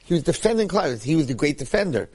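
Guy teaching torah informally, kinda high voice, lots of repeating and acting stuff out. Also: fast. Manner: animated, acts out quotes, repeats phrases.

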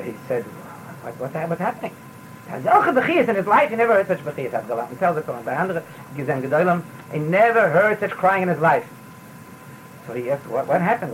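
A man's voice: fairly high pitch, slight background noise, rough recording. A man giving a sermon as a rabbi, repeating words and mixing in Yiddish phrases. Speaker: rabbi giving a Torah talk.

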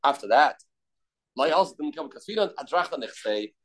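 A man's voice: a little high, expressive, fairly quick, low-quality recording. A man teaching a daily Talmud class, explaining loosely with restarts and of terms.

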